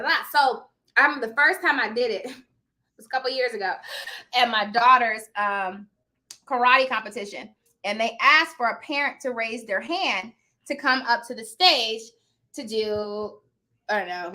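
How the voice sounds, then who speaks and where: A woman's voice: high-pitched, pushed and bright. A woman in her thirties hosting a live stream, giving emphatic motivational advice straight to her viewers in a casual way. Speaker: live-stream host and notary coach.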